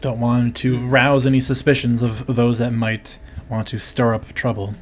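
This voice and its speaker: A man's voice: medium pitch, little pitch movement, normal speed, natural voice. A man voicing a sly noblewoman sister who needles her brother in a dry, wry way, in a tabletop role-play. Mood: calm. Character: sly teasing noblewoman sister, female adult.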